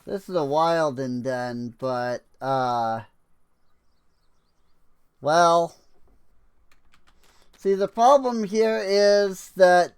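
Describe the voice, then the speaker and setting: A man's voice: fairly high pitch, very slow, long pauses, clear, resonant tone. A man streaming a game, musing and wry as he talks through his play with frequent fillers. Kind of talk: game commentary.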